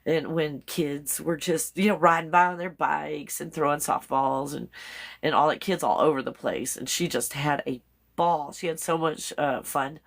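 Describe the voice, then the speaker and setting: A woman's voice: low-pitched, fairly even intonation, normal speed, creaky. A woman hosting a casual live stream, chatting with viewers, reading their comments aloud, laughing often and spelling out some words letter by letter.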